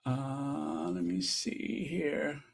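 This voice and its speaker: A man's voice: mid-range voice, big pitch swings, extremely slow, gravelly, breathy edge. A man hosting a casual livestream, chatting and reacting to viewer messages with many fillers. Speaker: channel host.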